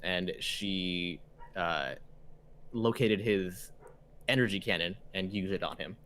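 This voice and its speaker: A man's voice: sits low, slow pace, a bit bright, a little hiss or hum. A man narrating as game master of a tabletop game, rambling and hesitant, with many fillers.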